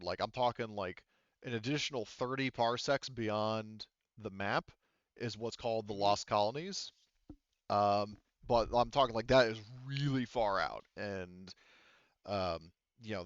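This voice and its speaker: A man's voice: lowish voice, no room sound. A man running a tabletop game as game master, explaining things in a rambling way with many fillers. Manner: rambling, lots of fillers and restarts. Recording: dull lo-fi online call audio.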